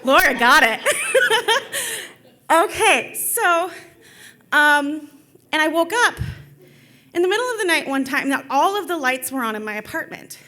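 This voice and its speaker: A woman's voice: high-pitched, pushed and bright. A young woman telling a personal story at a live event in a chatty way, full of filler words. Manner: chatty, lots of filler likes.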